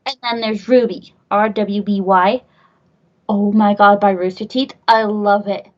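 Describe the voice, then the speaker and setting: A woman's voice: medium pitch, fairly even intonation, a little slow, dull audio. A woman hosting a podcast in casual chat, gushing and rambling, swearing casually. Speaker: podcast host.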